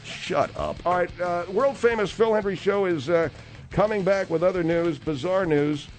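A male radio talk show host with a fairly high voice. He talks brashly and emphatically and pitches his show like a salesman. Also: moderate pace, faint music behind.

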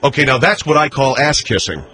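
A man's voice: medium pitch, animated, fairly quick, sharp tone. A man hosting a radio call-in show, asking dry, probing questions. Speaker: radio talk show host.

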